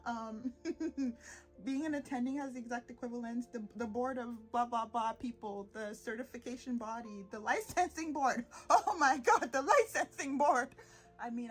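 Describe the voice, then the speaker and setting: A woman in her twenties hosting a solo podcast, animated and sarcastic, laughing often and slipping into mocking voices. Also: on the high side. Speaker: podcast host.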